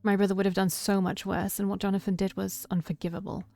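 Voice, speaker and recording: A woman voicing a gentle young heroine, speaking softly and reassuringly with a slightly raised voice. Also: medium pitch, flat delivery, quick pace, creaky, dry recording, lightly acted.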